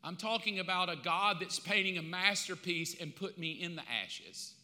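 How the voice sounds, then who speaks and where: A man preaching a sermon as pastor, emphatic and conversational, swinging from loud to hushed. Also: high voice, fairly even intonation, moderate pace. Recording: long hall reverb.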